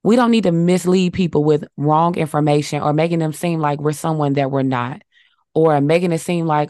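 A woman's voice: deep voice, fairly quick, darkish tone, dry recording, clean studio sound. A woman co-hosting a faith podcast, affirming her co-host, reading verses and teaching in numbered points. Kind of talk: casual faith talk with scripture.

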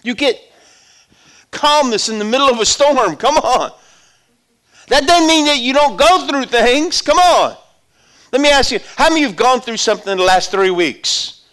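A middle-aged man preaching a personal testimony as a sermon, conversational, swinging from loud exhortation to hushed storytelling. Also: extremely high pitch, animated, a little fast.

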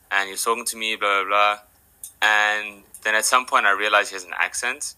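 A man's voice: on the low side, fairly even intonation, fairly quick, bright, forceful tone, smooth, rough recording. A man who is a podcast guest, telling stories in a casual, rambling way with lots of fillers. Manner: rambling, filler-heavy, acts out quoted people. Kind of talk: casual storytelling chat.

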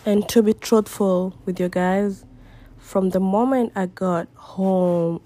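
A woman's voice: lowish voice, steady tone, takes it slowly, warm tone. A young woman telling a personal story to her viewers in a candid, reflective way. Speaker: vlogger. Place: home near a busy road.

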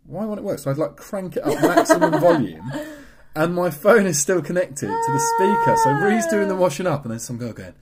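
A man's voice: high voice, wildly swooping pitch, fairly quick, few pauses, heavy background noise. A young man, co-hosting a casual podcast chat, laddish and laughing often at crude stories. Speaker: podcast co-host.

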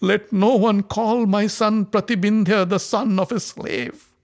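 A man's voice: sits high, steady tone, measured pace, darkish tone, voice pushed up. A man voicing a young queen who pleads with dignity before a king. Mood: pleading.

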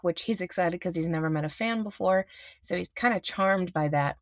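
A woman's voice: fairly low pitch, moderate pace, creaky, dry recording. A woman hosting a casual movie review podcast, chatty and self-aware, laughing easily as she talks. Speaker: podcast host.

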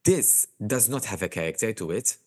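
A man's voice: fairly low pitch, animated, moderate pace, darkish tone, husky. A man with a Maltese accent co-hosting a casual chat, giving firm opinions in mixed English and Maltese. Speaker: podcast co-host. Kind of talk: casual chat about a reality show.

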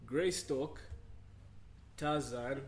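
A man co-hosting a casual chat, telling a rambling, animated story with lots of fillers. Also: mid-range voice, very slow, a little hiss or hum. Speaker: podcast co-host.

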